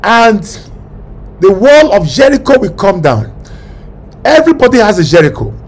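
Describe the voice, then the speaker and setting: A man's voice: high-pitched, big pitch swings, normal speed. A male preacher leading a fervent prayer sermon, commanding and repetitive, with bursts of speaking in tongues.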